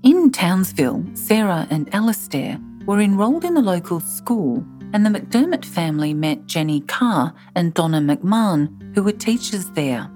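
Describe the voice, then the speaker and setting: A woman hosting a documentary podcast, reading scripted narration in a measured, earnest way. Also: lowish voice, sing-song, dark tone, soft background music.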